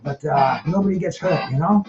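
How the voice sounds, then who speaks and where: A man's voice: a little high, fairly quick. A man in his seventies hosting a live-stream trivia show, talking in a rambling, laid-back way and calling everyone "man". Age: 70s. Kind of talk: casual live-stream chat. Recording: dull lo-fi sound with live band music. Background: jazz band music.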